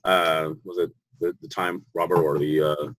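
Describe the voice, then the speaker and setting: A man's voice: sits low, flat delivery, moderate pace, a bit bright, no echo. A man from Texas, a panelist in a casual review chat, hesitant and restarting his words as he thinks. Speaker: podcast panelist.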